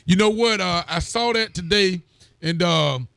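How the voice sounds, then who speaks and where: High-voiced sheriff chatting with viewers. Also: male voice, unhurried, vocal fry, a bit bright, clean tone, no room sound. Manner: friendly, greets viewers by name, laughs easily. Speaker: county sheriff and show host. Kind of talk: casual chat reading out viewer comments.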